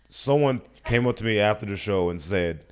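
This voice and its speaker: A man's voice: on the low side, expressive, moderate pace, clear, resonant tone. Laughing storyteller man. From United States. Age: 30s. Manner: storytelling, laughing, acts out quotes. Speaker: guest comedian. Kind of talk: casual podcast chat. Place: podcast studio.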